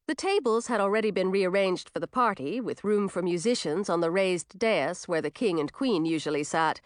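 A woman narrating a fantasy story in an expressive audiobook reading. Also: lowish voice, normal speed, no echo, studio quality.

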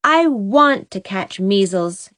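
A woman's voice: medium pitch, expressive, takes it slowly, a bit bright, no room sound. A woman voicing an indignant, sulky young boy who talks back with defiant outbursts.

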